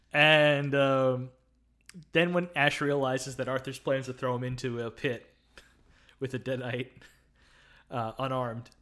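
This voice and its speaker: Bright-voiced excitable podcast host. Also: male voice, mid-range voice, slow, pauses often. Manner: excitable, quotes lines in loud put-on bursts, laughs often. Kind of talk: casual film review chat.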